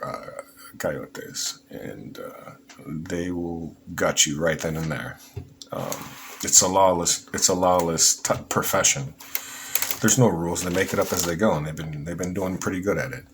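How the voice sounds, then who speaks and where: Man, very deep voice, casual rambling vlog monologue, frequent restarts, faint background noise. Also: measured pace, vocal fry. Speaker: vlogger.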